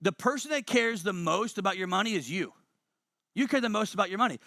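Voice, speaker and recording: A man's voice: high-pitched, animated, fast talker, sharp tone, no room sound, clean studio sound. A man presenting a motivational money webinar, emphatic and fond of repeating key lines.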